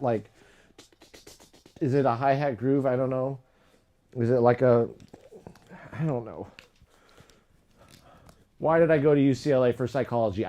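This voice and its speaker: Chatting informally on a livestream from his home studio, where he makes music, a man rambles, mocks himself, and repeats tongue twisters. His voice is medium-pitched and a little mellow.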